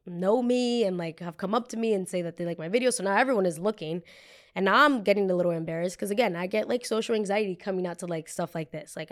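Chatty young woman telling a story. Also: mid-range voice. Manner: chatty, heavy use of "like", animated retelling. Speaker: podcast host. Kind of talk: casual storytelling.

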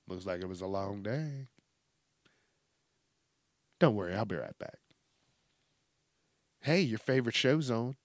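A friendly male home robot speaks in an easygoing, attentive way, as a man puts it on for a comedy podcast bit. The voice is dry and close, with no room around it. It sounds gentle and caring rather than mechanical. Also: fairly low pitch, expressive, unhurried, long pauses, no echo, pitched below the performer's own voice. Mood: soothing. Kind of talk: comedic impression in podcast talk.

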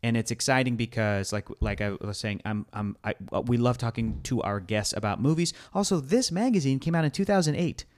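A man's voice: medium pitch, lively intonation, brisk, few pauses. A man hosting a podcast in casual, joking chat about movies. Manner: playful, joking, laughs often. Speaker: podcast host.

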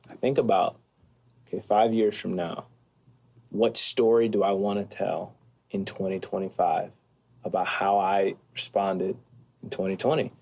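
A man speaking as an interview guest, calm and thoughtful, with occasional soft hesitations. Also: low voice, measured pace, creaky. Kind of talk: reflective conversation.

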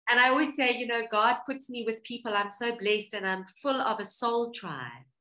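A woman's voice: fairly high pitch, normal speed, sharp tone, rough recording. A woman from South Africa with a South African accent, earnestly telling her life story as an interview guest. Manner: earnest, heartfelt, talks through emotion.

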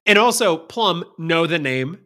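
A man's voice: on the high side, animated, unhurried, pushed and bright. A young man co-hosting a sports podcast, joking and rambling through his banter. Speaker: podcast co-host. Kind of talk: casual sports podcast chat.

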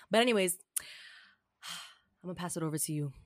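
A woman co-hosting a casual podcast chat, blunt and profane, telling animated stories. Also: fairly low pitch, moderate pace, no echo, studio quality. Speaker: co-host.

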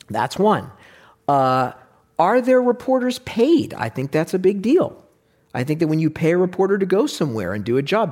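A man talking in a casual discussion, animated and wry, who sometimes slips into mock voices to make a point. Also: on the high side.

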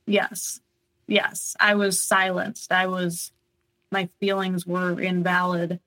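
A young adult woman telling her own story in an interview, speaking haltingly with many pauses and restarts. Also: fairly low pitch, monotone, fairly bright tone, poor audio. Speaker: guest sharing her story. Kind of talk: personal testimony interview.

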